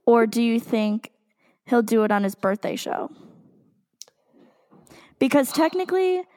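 A young woman chats as co-host of a fan podcast. Her voice sits a little high, and her talk is excitable and dramatic, with groans and swearing. The sound carries a long reverb tail. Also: measured pace. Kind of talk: casual fan podcast chat.

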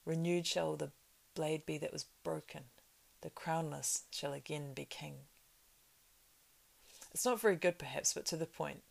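Impatient old hobbit, woman reading; low, gravelly, brisk. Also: full character voice. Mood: reciting. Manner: brisk, reciting verse.

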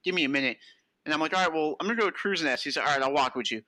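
Animated young man telling stories. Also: fairly high pitch, very fast, dry recording, poor audio. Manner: animated storyteller who acts out other people's lines, swears a lot. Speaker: podcast co-host. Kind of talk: casual podcast chat.

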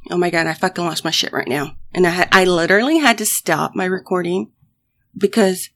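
A woman vlogger telling a personal story to her audience, halting with many fillers and restarts, swearing often and sighing. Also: lowish voice, fairly bright tone. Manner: emotional, sighing.

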